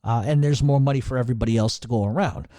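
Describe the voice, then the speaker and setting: A man's voice: medium pitch, rapid-fire, mellow, no echo. A middle-aged man hosting a radio Q&A, talking in a blunt, profane, ranting way. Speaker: podcast host. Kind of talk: casual radio Q&A.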